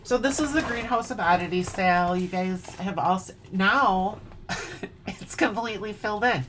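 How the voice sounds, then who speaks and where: Showing her cross-stitch work in a casual evening chat at home, this woman from Wisconsin speaks with an Upper Midwest American accent, breaking into snatches of song. Her pitch is medium, her tone a little bright, and her speed normal. A faint hiss or hum runs underneath.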